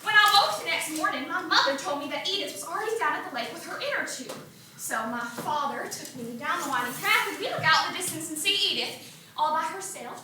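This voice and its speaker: A woman's voice: extremely high pitch, pushed and bright, full character voice. A young actress playing Dale, a timid woman telling a tragic story in melodramatic stage comedy. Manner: melodramatic storytelling, shifting into quoted voices. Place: theater stage with audience. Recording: echoey theater from far off, faint noise.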